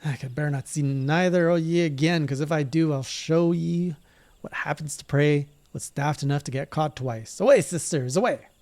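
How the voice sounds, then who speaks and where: A man voicing a rough-spoken, menacing female poacher leader from a game, with coarse dialect speech. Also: a little high, normal speed, darkish tone, voice pushed up, close to an everyday voice.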